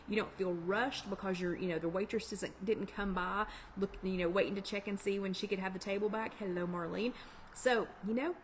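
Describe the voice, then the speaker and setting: Fast-talking, chatty woman host. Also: mid-range voice, a little hiss or hum. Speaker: workshop host. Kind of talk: casual live-stream chat.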